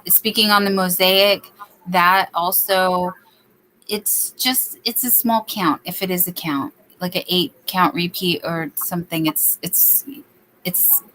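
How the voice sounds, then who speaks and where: A woman's voice: on the low side, steady tone, slow, bright, forceful tone, slight background noise, rough recording. A woman hosting a late-night crochet livestream, chatting casually and reading viewer comments aloud. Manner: chatty, reads viewer comments aloud, baby-talks to her dog. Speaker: livestream host. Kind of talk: casual chat while crocheting.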